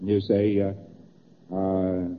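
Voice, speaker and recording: A deep male voice with a completely flat delivery draws out his words in a conversational lecture, walking through graphs on a board. He repeats points and acts out little exchanges, recorded on tinny old tape in a reverberant hall.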